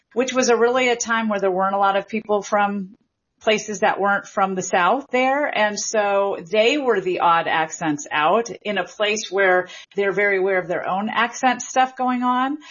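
A woman's voice: mid-range voice, a bit bright, highs cut off. A woman in her forties who grew up in Memphis, a linguistics professor explaining things thoughtfully as a guest in an interview. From Memphis, Tennessee. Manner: thoughtful, explanatory, with fillers and restarts. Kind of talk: interview conversation.

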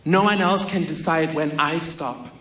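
A man's voice: fairly high pitch, measured pace, fairly bright tone, reverberant. A man voicing a determined middle-aged mother who refuses to back down. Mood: resolute. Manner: firm, resolute.

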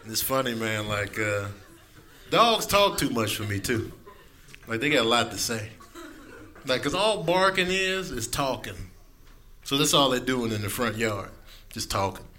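A man's voice: medium pitch, lively intonation, measured pace, long pauses, bright, forceful tone, a little hiss or hum. A male comedian casually riffing about pets in a laid-back, chuckling manner.

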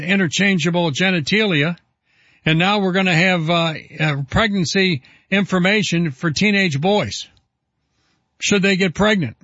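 A man's voice: high voice, a bit bright, no echo. A man hosting a talk radio show, delivering an indignant, emphatic monologue and reading headlines aloud. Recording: dull lo-fi broadcast audio.

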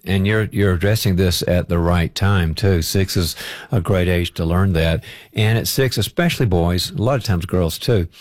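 A male parenting author speaks calmly and directly, laying out practical advice step by step. His voice sits low. The sound is dry and close. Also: no room sound. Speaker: parenting author and guest expert. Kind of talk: advice on a talk show.

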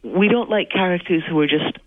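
A woman's voice: fairly low pitch, a little fast, no echo. A woman from the United States with a slight Irish accent, a guest author explaining her ideas at length in a radio interview, heard in a replayed clip. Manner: thoughtful, reflective, explains at length. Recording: tinny phone-like archive radio clip.

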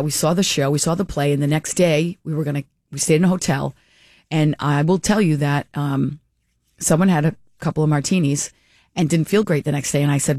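A woman hosting a talk radio show tells a story in a chatty, animated way, tripping over and repeating her first words. Her voice sits in the middle of her range and comes through a close, dry studio mic with no room sound. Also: low voice, dry recording. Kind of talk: casual radio chat and storytelling. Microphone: studio microphone.

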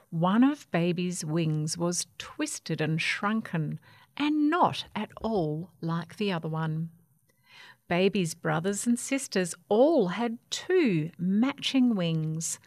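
A woman reading a children's story aloud in an expressive, unhurried way. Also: on the low side, no echo, clean studio sound.

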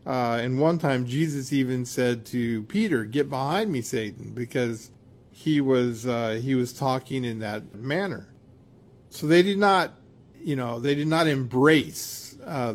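A man preaching a sermon in a measured, reflective way, with occasional hesitations. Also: mid-range voice.

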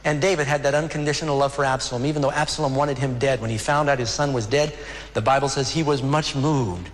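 A man preaching a sermon as a pastor, earnest and emotional, slowing down for dramatic pauses. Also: mid-range voice, steady tone, in a large hall, slight background noise.

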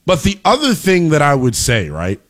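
A man hosting a sports talk radio show, delivering an emphatic monologue that rises to shouting at its peaks. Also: fairly high pitch, wildly swooping pitch, moderate pace.

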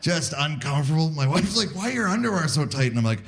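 A man in his forties works a live stage with a lively, bouncing delivery and a slightly raised voice. He pokes fun at himself and slips into other people's voices. Steady background noise sits under the live recording. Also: on the high side, fast talker. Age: 40s. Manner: self-deprecating, acts out voices of wife and doctors. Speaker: stand-up comedian. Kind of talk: stand-up comedy set. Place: live theatre stage with audience. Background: audience laughter.

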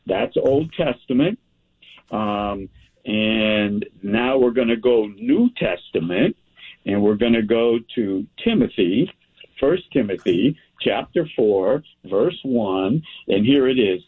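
Husky man teaching from scripture, phone-like sound. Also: medium pitch, expressive. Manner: unhurried, reads scripture aloud with verse citations, asks and answers his own questions. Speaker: pastor teaching a men's group. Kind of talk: Bible teaching.

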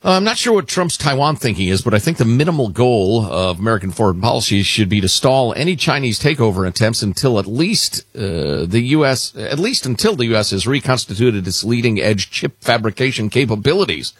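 A man's voice: mid-range voice, big pitch swings, brisk, hardly any pauses, slightly rough, no room sound. A man co-hosting a talk radio show, chatting casually and wryly reading listener emails aloud. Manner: wry, conversational, reads emails aloud with emphasis. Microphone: studio microphone.

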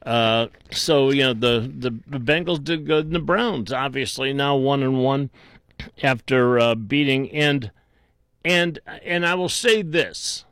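Blunt talk-radio host, dry sound. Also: male voice, medium pitch, fairly bright tone, dry recording. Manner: blunt, frequent restarts, quick bursts. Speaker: radio call-in show host.

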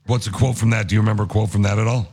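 A man's voice: on the low side, fairly even intonation, rapid-fire, darkish tone, slightly rough. A man hosting a radio show, teasing and joking with his co-hosts in a studio. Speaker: radio host. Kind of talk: morning radio banter.

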